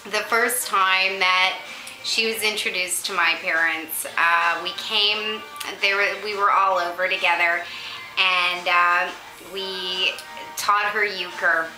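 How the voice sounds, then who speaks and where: Slow, bright-voiced rambling woman vlogger. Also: fairly low pitch, fairly even intonation, roomy sound, soft background music, low-quality recording. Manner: rambling, lots of ums, laughs as she talks. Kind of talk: unscripted casual chat to camera. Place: her condo, indoors.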